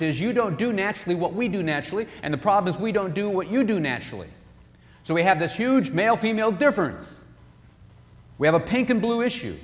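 Animated man preaching in a hall. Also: high-pitched. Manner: animated, acts out spouses' voices. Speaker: marriage speaker. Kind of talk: sermon-style talk.

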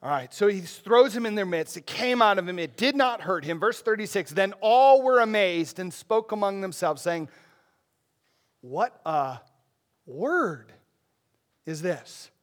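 High-voiced man preaching a sermon. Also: normal speed, hardly any pauses. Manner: conversational, animated preaching with asides to the congregation. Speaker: pastor. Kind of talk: expository sermon.

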